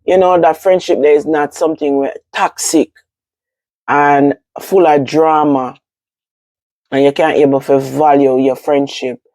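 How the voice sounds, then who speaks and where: Mellow Jamaican woman hosting a vlog. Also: a bass voice, no echo. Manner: relaxed, rambling with Patois phrasing. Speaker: host. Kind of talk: casual vlog talk.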